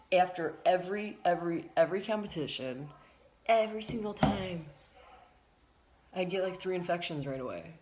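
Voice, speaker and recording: A woman vlogger speaks in a deep, low register, candid and unpolished as she rambles through her story. She leans on repeated words and the odd curse for emphasis. A faint background hiss runs under her voice. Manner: frank, rambling, emphatic with swearing. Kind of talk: candid personal vlog.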